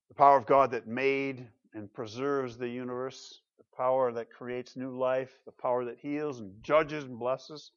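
A man preaching a sermon with emphatic delivery, asking rhetorical questions and swinging between loud and soft. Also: medium pitch, normal speed. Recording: dull lo-fi sermon recording.

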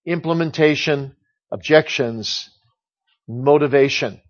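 Middle-aged male pastor, high voice, emphatic sermon delivery, dull lo-fi recording. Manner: emphatic preaching, slowing down for scripture quotes.

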